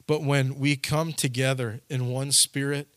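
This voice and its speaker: Bright-voiced man preaching a sermon. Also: medium pitch, level tone, a little slow, no room sound. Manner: storytelling, acts out scenes with loud shouts. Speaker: pastor.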